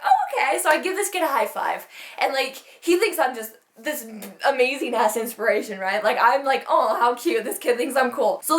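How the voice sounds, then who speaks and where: A woman's voice: high-pitched, a bit bright. A young adult woman telling stories in a casual vlog, ranting with heavy swearing. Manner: profane, heated ranting storyteller. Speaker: vlogger. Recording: roomy echo.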